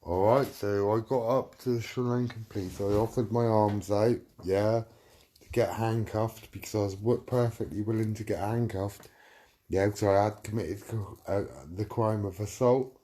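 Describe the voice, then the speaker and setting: A man's voice: fairly low pitch, fairly even intonation, moderate pace, warm tone. A middle-aged man telling a casual anecdote, swearing freely and acting out what people said. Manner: swearing, acts out quotes with "I said". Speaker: storyteller.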